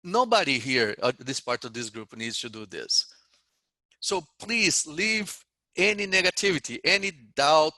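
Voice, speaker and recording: Speaking English with a foreign accent, a middle-aged man who leads a day-trading group delivers a blunt, wandering motivational talk and keeps restarting his sentences. His voice is fairly high, bright and forceful, with no room sound.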